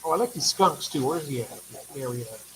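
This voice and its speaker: A man's voice: mid-range voice, expressive, a little fast, a bit bright, a little hiss or hum, poor audio. A man hosting a casual livestream, chatty and affectionate, reading viewer comments aloud and sounding tired. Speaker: livestream host.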